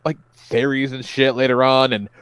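A man's voice: mid-range voice, level tone, normal speed, a bit bright, clean tone, dry recording. A man hosting a podcast, chatting casually in a rambling way and swearing freely. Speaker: podcast host. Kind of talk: casual chat.

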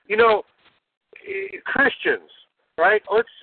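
An older American man, a guest on a call-in talk show, ranting forcefully and ending points with "okay?". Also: very high-pitched, wildly swooping pitch, slow, creaky, slightly rough, no echo. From United States. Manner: forceful, preachy, keeps adding "okay?". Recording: tinny phone line.

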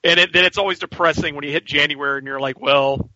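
A man co-hosting a podcast in casual chat, excitable and rambling, swearing freely. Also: a little high, fast talker, no echo, dull audio. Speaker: podcast co-host.

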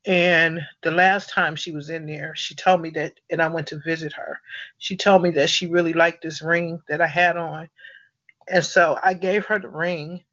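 A man hosting a support conference call, speaking in an earnest, halting, apologetic way over a phone. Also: on the high side, flat delivery, sharp tone, no echo, lo-fi sound.

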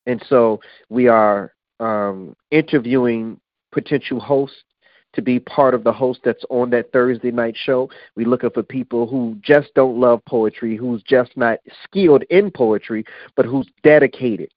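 A man's voice: mid-range voice, measured pace, dry recording. Man, mid-range voice, laid-back streetwise host, dry dull lo-fi audio. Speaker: radio show host. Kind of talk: casual on-air announcement.

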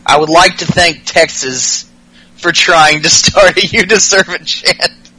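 High, bright-voiced excitable man. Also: unhurried, breathy edge, no room sound, poor audio. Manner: profane, excitable, mimics wrestlers' lines. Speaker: podcast host recapping wrestling. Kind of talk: casual comedic recap with acted-out quotes.

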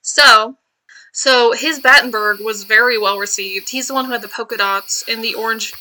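A woman's voice: fairly high pitch, steady tone, moderate pace, bright, forceful tone, a little hiss or hum. A woman co-hosting a podcast in casual chat, talkative, laughing often and jumping between topics. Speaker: podcast co-host.

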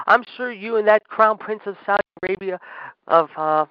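A man's voice: sits high, moderate pace, clear, resonant tone, no echo, muffled recording. A man hosting a wrestling podcast, ranting angrily and sarcastically and saying "however" over and over. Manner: angry, sarcastic, repeats "however" constantly. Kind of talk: ranting commentary.

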